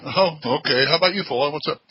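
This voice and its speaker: A man's voice: fairly high pitch, quick pace, slight background noise. A man hosting a casual gaming podcast, joking and steering the talk between co-hosts. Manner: jokey, upbeat, steers the talk. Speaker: podcast host. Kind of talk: casual chat. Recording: dull lo-fi audio.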